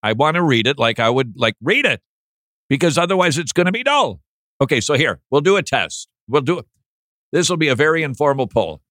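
A man hosting a casual talk show, playful and teasing, with animated asides. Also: on the high side, brisk, dry recording, studio quality. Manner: playful, mocks flat reading with droning voice. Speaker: podcast host. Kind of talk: casual chat.

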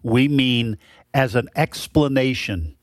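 A man's voice: mid-range voice, takes it slowly, no echo, clean studio sound. A man co-hosting a political talk radio show, speaking in an opinionated, emphatic, conversational way.

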